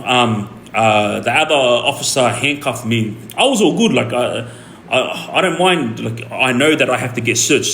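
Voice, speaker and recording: Australian streamer, mid pitch, rambling storyteller, roomy echo, faint hiss behind. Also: male voice. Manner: rambling and animated, many fillers and restarts. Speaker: streamer telling his story. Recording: echoey room with faint ambient noise.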